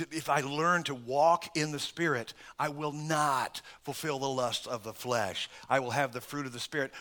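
A middle-aged man pastor preaching a sermon, swinging between loud emphatic stresses and soft asides and chuckling through lists. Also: medium pitch.

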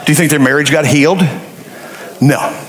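A man preaching a sermon in a church, folksy and joking, telling animated stories to his congregation. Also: a little high, normal speed, roomy sound, slight background noise, poor audio. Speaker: pastor. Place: church sanctuary.

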